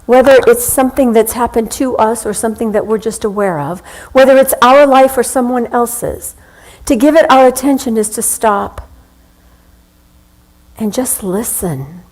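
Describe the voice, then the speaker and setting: A woman minister giving a sermon in a conversational, anecdotal way, slowing down with deliberate pauses. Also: fairly high pitch, a little mellow, poor audio.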